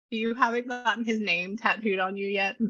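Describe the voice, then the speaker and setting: A woman's voice: mid-range voice, bright, forceful tone, dry recording, muffled recording. A woman working as a psychic medium, chatting animatedly with a client and often laughing. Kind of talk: reading session with a client.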